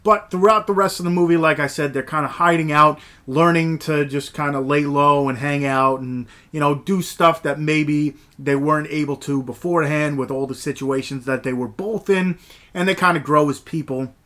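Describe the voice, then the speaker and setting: A man's voice: a little high, fairly even intonation, normal speed, fairly bright tone. A man giving a casual, rambling movie review, full of fillers and enthusiasm. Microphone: camera mic, movies shelved behind.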